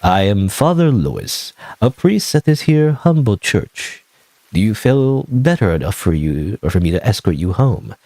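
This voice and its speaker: A man voicing a gentle, kindly middle-aged priest who speaks softly. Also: fairly low pitch, big pitch swings, a little slow, dry recording, heavily acted. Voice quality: soft-spoken.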